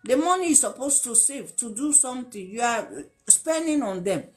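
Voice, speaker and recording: A woman's voice: a little high, lively intonation, moderate pace, faint music behind. A woman gives an impassioned moral talk, repeating words for emphasis and acting out quoted pleas. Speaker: speaker giving life advice.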